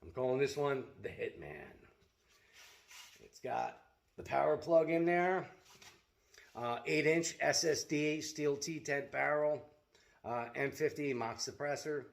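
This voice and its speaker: A man's voice: on the high side, measured pace, vocal fry, long pauses. A middle-aged man telling a story in a blunt, profane, casual vlog rant as a seller of self-defense gear.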